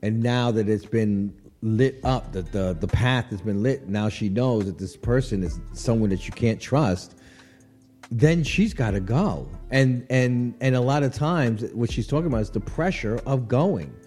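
A man's voice: mid-range voice, a little slow, soft background music. A man hosting a radio show, chatting casually and laughing often as he riffs on a celebrity breakup. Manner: animated, chatty, laughs often, frequent "you know what I'm saying". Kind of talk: casual on-air commentary. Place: radio studio.

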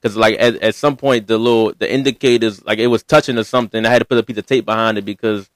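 A man's voice: on the low side, steady tone, fast, dry recording. A man in loose banter with friends, joking, teasing and swearing freely. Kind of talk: casual banter.

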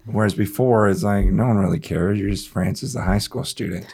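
A middle-aged man speaking as a guest pastor in an interview, earnest and halting with emphatic bursts. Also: lowish voice, vocal fry, darkish tone, slightly rough. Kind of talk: reflective interview talk.

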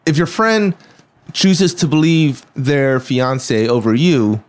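A man's voice: mid-range voice, takes it slowly. A man co-hosting a podcast, talking through advice in a casual chat.

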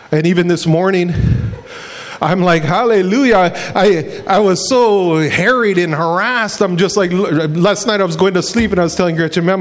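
A man preaching in a relaxed, conversational way, spinning everyday stories into a lesson. His voice sits high for a man, and he colors his quotes with playful voices. He tosses in "man" like he's chatting with friends. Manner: animated, acts out quotes in voices; folksy, says "man" often. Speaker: pastor. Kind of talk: casual storytelling sermon.

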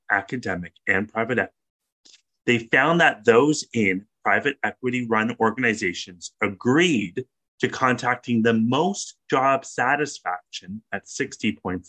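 A man on a panel presenting survey findings in a measured, informative way. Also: on the low side, fairly bright tone, dry recording, low-quality recording.

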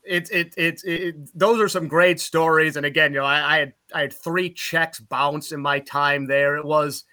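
Speaking at a moderate pace in a voice on the high side, he recounts tales from the road in casual podcast conversation. He's a middle-aged play-by-play broadcaster out of Utica in upstate New York, animated and loud when the punchlines come.

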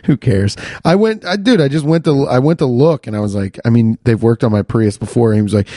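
A man's voice: mid-range voice, a little fast, warm tone, no echo. A man ranting in a casual monologue into a close podcast mic, profane and exasperated, with lots of restarts.

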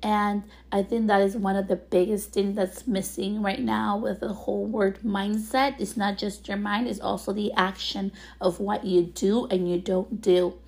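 A woman hosts her own podcast from home, and her voice is raspy today. She talks in a loose, chatty, motivational way, full of fillers, at a middle pitch. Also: level tone, measured pace, few pauses, darkish tone. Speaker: podcast host. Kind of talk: casual solo podcast monologue.

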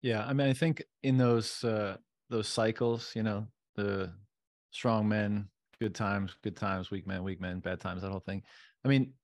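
Low guy on a podcast, thoughtful, hedges a lot, dry close sound. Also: fairly even intonation, no echo. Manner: measured and thoughtful, hedges his points. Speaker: podcast guest. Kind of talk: casual podcast chat.

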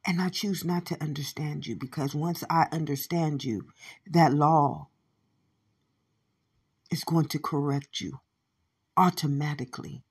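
A woman delivering a profane, repetitive monologue, shouting at times and muttering low at others. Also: steady tone, unhurried, pauses often, slightly rough. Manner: swears constantly, repeats phrases, swings from shouting to low mutters.

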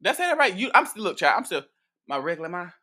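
A man speaking as a priest answering viewer questions in casual, profane chat, playful and animated with frequent laughs and restarts. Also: high voice, fast talker.

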